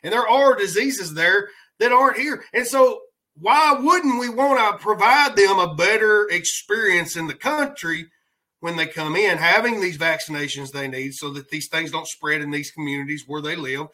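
Man, podcast host, heated rambling commentary, bright tense voice, high pitch. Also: normal speed, low-quality recording. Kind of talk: opinionated political commentary.

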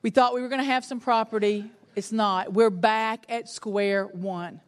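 A middle-aged woman, preaching a sermon and telling a personal story with animated, self-mocking humor. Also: mid-range voice, measured pace, in a large hall. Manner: animated storytelling, laughs at herself. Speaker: pastor's wife and preacher.

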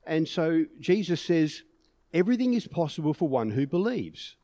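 A man's voice: fairly high pitch, big pitch swings, moderate pace, dark tone, no room sound. A man preaching a sermon in an earnest way, pushing emphatic peaks on key words.

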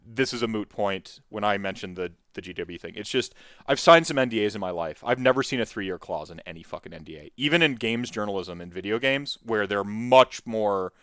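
A man's voice: on the low side, expressive, brisk, a bit bright, no echo, clean studio sound. A man co-hosting a casual livestream chat, rambling and swearing as he talks. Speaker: YouTuber co-host.

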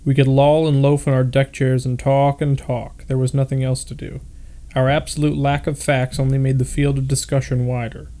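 A man's voice: mid-range voice, little pitch movement, moderate pace, warm tone. Casual man reading a novel aloud. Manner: stops to comment on odd words. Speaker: audiobook podcast host reading a novel. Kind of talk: casual read-aloud with asides.

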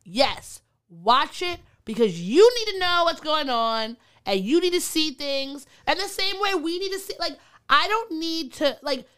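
A woman's voice: high-pitched, expressive, a little slow, hardly any pauses, fairly bright tone. A young woman co-hosting a casual podcast, chatty and laughing often. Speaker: podcast co-host. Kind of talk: casual chat.

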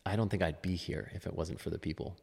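A man's voice: low voice, steady tone, fast, vocal fry, darkish tone, slightly rough, big-room sound. A man who is a fitness coach, chatting as a podcast guest in a musing, restarting way. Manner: musing, with frequent restarts and laughs. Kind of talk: casual interview chat.

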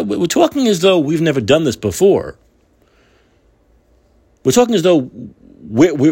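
A man's voice: on the high side, darkish tone, husky. A man hosting his own talk show, delivering heated, indignant political commentary with repeated phrases. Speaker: podcast host.

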